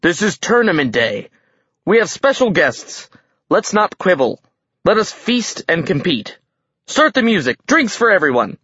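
A man voicing a sly, desperate giant king who booms for show and snarls under his breath in an audiobook. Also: fairly quick, breathy edge, no echo, muffled recording. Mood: boisterous. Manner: loud showman bluster, then low urgent snarl.

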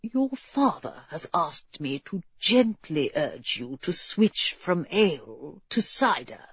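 A woman voicing a quiet, deferential male servant in a storybook reading, speaking in a hushed, formal way. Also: medium pitch, very animated, takes it slowly, breathy edge, dry recording, lo-fi sound, heavily acted.

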